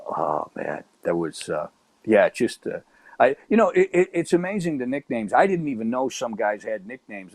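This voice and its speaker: Middle aged guy from chicago's south side spinning stories, lively, acts out voices, dry close mic. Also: fairly low pitch, dry recording. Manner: animated, acts out quoted voices. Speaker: guest storyteller. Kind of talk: casual storytelling chat.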